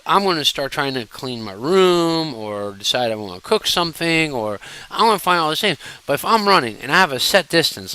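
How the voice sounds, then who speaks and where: A man telling personal stories casually to camera, animated and digressive, often turning to address his viewers directly. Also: a little high, rough recording. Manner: fidgety while talking. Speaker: storyteller.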